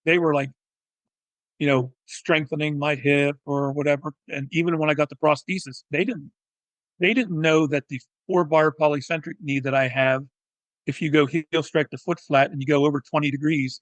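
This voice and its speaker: A man, a physical therapist and educator, telling his story in a technical, animated way as an interview guest. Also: a little high, moderate pace, dry recording, poor audio. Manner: technical, animated, acts out quoted dialogue. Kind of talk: conversational storytelling.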